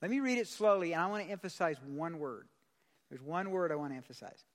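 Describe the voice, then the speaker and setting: Higher-voiced male pastor; casual, slangy sermon with long hall reverb. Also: quick pace. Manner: conversational, slangy, questions the congregation. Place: church service.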